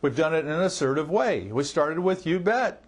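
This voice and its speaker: A man's voice: on the high side, animated, fairly quick. Man coaching on phone greetings. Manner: demonstrates phone greetings with varied emphasis. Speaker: marketing coach. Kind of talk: training talk.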